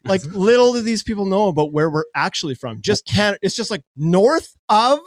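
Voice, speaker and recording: A man from Saskatchewan, co-hosting a casual podcast, chatty and quick to laugh while telling stories. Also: high-pitched, big pitch swings, no room sound, clean studio sound. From Saskatchewan, Canada. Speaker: co-host.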